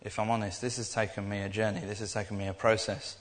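This informal sermon comes from a young man whose low-leaning voice echoes long through a hall. He rambles loosely and earnestly, often circling back to restart his thoughts, at a quick pace and in a level tone.

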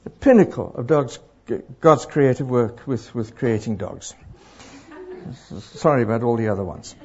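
A middle-aged man preaching to a congregation, animated and throwing questions out to the crowd. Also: mid-range voice, moderate pace. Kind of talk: interactive sermon. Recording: dull lo-fi live recording.

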